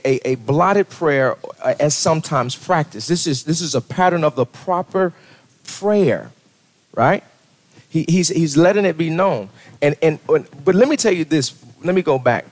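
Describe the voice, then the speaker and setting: A male pastor delivering a sermon in a plain, conversational way. His voice sits a little high for a man. He checks in with his listeners with a running "right?" and often restarts his sentences mid-thought. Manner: conversational preaching, frequent "right?" asides and restarts.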